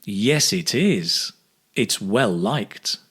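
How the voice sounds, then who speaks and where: Slow, lively male English teacher. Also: on the low side, husky. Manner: models phrases slowly with exaggerated intonation. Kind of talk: slow, clear pronunciation drill.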